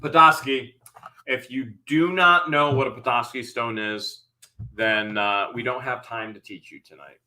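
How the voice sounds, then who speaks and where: A man hosting a live-stream auction, calling out bids quickly and then chatting and explaining the items. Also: medium pitch, steady tone, pushed and bright, poor audio. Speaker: host.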